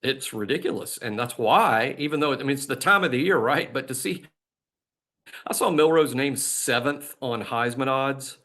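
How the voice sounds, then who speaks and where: A man's voice: medium pitch, moderate pace, bright, forceful tone. Guy on a sports podcast, rambly, laughs a lot, lots of uhs. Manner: rambling, laughs often, many fillers and restarts. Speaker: podcast co-host. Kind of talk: casual sports chat.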